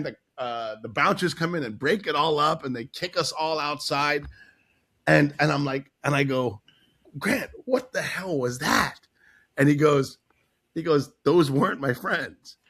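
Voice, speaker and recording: A man in casual podcast chat, telling a story with animated acted-out quotes and frequent laughs. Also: on the high side. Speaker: guest storyteller.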